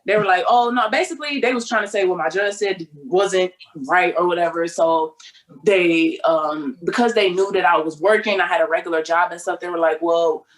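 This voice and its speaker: Woman in her twenties from Detroit, animated storyteller who acts out every quoted voice and curses freely. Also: fairly low pitch, normal speed. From Detroit, United States. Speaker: podcast guest. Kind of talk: casual storytelling chat.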